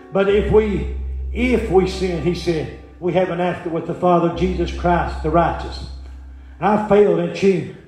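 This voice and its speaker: Brief: high-voiced evangelist man, folksy sermon, very echoey hall, faint music. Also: darkish tone. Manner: folksy, frequent "uh" fillers, asks the congregation questions. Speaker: evangelist preacher. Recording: very echoey church room with music behind.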